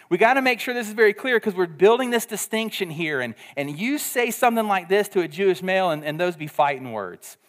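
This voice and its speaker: Male pastor, joking sermon, acts out asides, slightly high voice, echoing church hall. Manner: casual, jokey preaching with acted-out asides. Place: church sanctuary.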